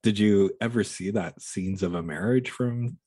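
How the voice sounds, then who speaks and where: A man's voice: fairly low pitch, normal speed, a crowd in the background, poor audio. A man co-hosting a casual film chat, joking and blunt, swearing freely. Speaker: co-host.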